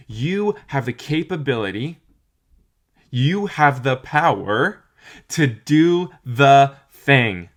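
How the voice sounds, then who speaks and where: A young adult man giving an earnest, encouraging talk to camera, often repeating phrases for emphasis. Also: medium pitch. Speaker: motivational vlogger.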